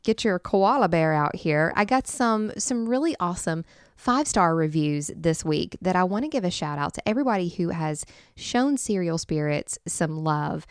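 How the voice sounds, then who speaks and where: A woman co-hosting a podcast in casual chat, bubbly and quick to laugh as she reads out listener reviews. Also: fairly low pitch, animated, clear, resonant tone, no echo, clean studio sound. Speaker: podcast co-host.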